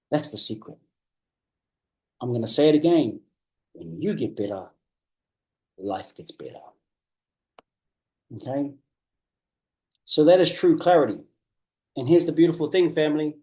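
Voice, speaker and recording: A man giving a motivational coaching talk, earnest and emphatic, repeating key phrases and slowing down to drive points home. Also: a little high, mellow. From New Zealand. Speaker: business coach.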